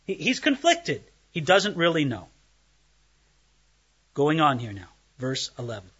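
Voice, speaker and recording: A man's voice: on the high side, huge pitch swings, unhurried, fairly bright tone, slightly rough. A man preaching an expository Bible sermon, emphatic and dramatizing the scripture passages he teaches. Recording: dull lo-fi recording.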